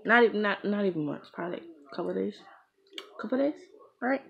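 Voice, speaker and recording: A woman's voice: mid-range voice, lively intonation, quick pace, vocal fry, highs cut off. A young woman telling a personal story in a frank, profane, casual way, full of trailing fillers. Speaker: vlogger. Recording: noisy background hiss.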